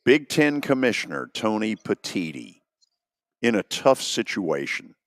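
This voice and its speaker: A man's voice: fairly low pitch, big pitch swings, unhurried, gravelly, no echo, clean studio sound. A man hosting sports radio, making his points emphatically and acting out what others might say. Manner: emphatic, acts out quotes. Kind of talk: opinionated sports talk.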